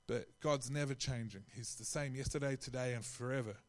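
A man's voice: medium pitch, fairly quick. A man preaching a sermon in a conversational way, often restarting his phrases and acting out quotes.

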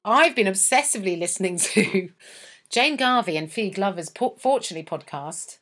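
A woman's voice: mid-range voice, lively intonation, normal speed, a bit bright. A woman co-hosting a podcast in casual chat, joking, teasing and laughing often, acting out quoted voices. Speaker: podcast co-host.

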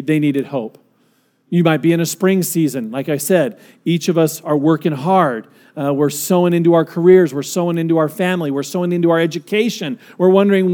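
A man's voice: fairly high pitch, mellow. A male pastor preaching a sermon in a conversational, storytelling way, asking the congregation questions.

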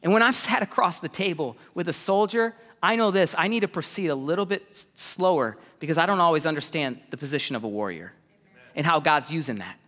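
A man with a high, bright voice preaching a sermon, leaping up in pitch and acting out little asides as he goes. His words carry a long reverb from a big church hall. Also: fairly quick. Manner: animated preaching with sudden pitch jumps and acted asides. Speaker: pastor.

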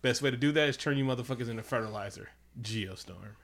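A man with a bright, forceful voice riffs through a casual comedy chat at home. He is animated and profane, and he keeps dropping into quick mocking impressions of other people. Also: mid-range voice. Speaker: podcast co-host.

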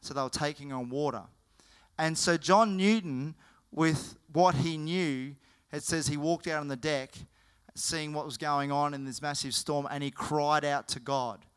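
Male preacher, animated storyteller, clear and resonant, slightly high voice. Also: unhurried. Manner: animated, with frequent self-corrections. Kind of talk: sermon storytelling.

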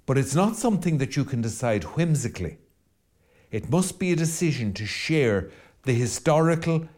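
A man's voice: mid-range voice, darkish tone. A middle-aged Irish man, a Catholic priest hosting his podcast, speaking earnestly and rhetorically, piling up questions as he reflects. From Ireland. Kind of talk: reflective spoken commentary.

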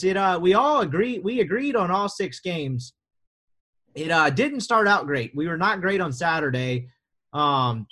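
Young man, from the US, podcast host, casual joking ramble, a bit higher voice. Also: a bit bright. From United States. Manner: joking, rambling, self-deprecating.

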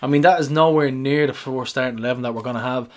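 A man's voice: medium pitch, fast. A man co-hosting a sports podcast in a blunt, sweary, casual way, laughing easily. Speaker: podcast co-host.

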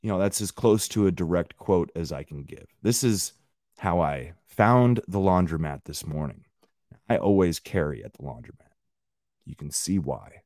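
A man's voice: sits low, mellow, dry recording, studio quality. A man hosting a solo podcast, ranting bluntly and profanely while talking straight to his listeners. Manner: conversational, addresses listeners directly. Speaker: podcast host.

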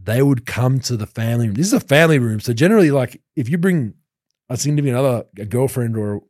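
A man in his thirties, a podcast host who played pro basketball, telling lively anecdotes with many restarts and laughs. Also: medium pitch, fast talker, dry recording, clean studio sound. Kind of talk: casual storytelling chat.

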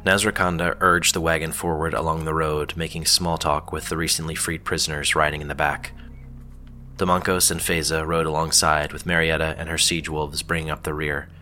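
Man, deep voice, bright tone, fantasy storytelling, soft music behind. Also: flat delivery, a little fast. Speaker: narrator. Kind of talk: scripted fantasy narration.

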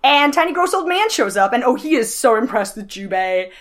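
A woman's voice: on the high side, very animated, a little fast. A woman co-hosting a podcast, casually recapping a film with wry, joking asides. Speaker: podcast co-host.

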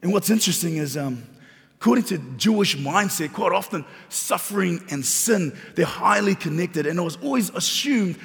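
High, gravelly-voiced preacher in echoing hall. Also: male voice, animated, normal speed, fairly bright tone. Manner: preaching with rising emphasis and repeated phrases. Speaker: pastor. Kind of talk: sermon. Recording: long reverb of a large hall.

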